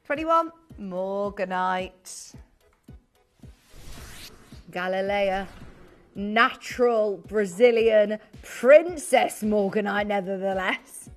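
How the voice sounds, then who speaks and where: A young British woman presenting a live TV shopping show, gushing and chatty with quick asides. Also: medium pitch, expressive, faint music behind.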